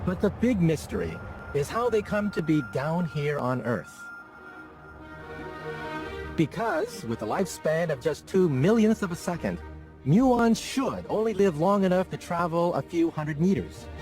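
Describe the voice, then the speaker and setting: An older man presenting a science documentary in a dramatic, emphatic scripted narration. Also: on the high side. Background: background music.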